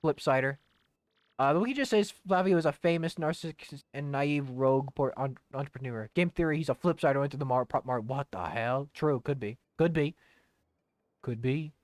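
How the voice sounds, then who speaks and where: A man's voice: mid-range voice, brisk, no room sound, studio quality. Rambling young male game streamer. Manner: rambling, swearing, humming to himself. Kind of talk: casual gaming stream chat.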